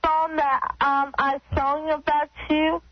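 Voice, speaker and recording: A woman on a radio show doing a mock phone-sex bit, talking in halting, repetitive, simple phrases. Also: high-pitched, little pitch movement, no room sound. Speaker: show regular. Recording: muffled radio broadcast audio.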